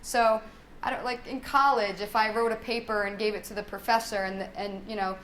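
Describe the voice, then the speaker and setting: A woman's voice: medium pitch, steady tone, brisk, fairly bright tone, slight background noise. A young adult woman, a speech-language pathologist, leading a parenting workshop in a conversational way, often asking "right?" and modeling child talk in a lilting singsong. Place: workshop room.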